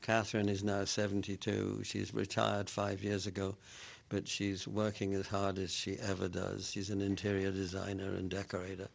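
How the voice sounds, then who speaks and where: A man's voice: low voice, monotone, moderate pace, vocal fry. An older man, an actor and author from Scotland, answering radio interview questions in a rambling, anecdotal way with frequent restarts.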